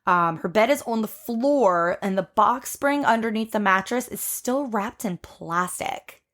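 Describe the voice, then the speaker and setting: A woman's voice: medium pitch, lively intonation, unhurried, fairly bright tone. A woman co-hosting a podcast in casual chat, chatty and blunt, swearing freely as she recaps a show. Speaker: podcast co-host.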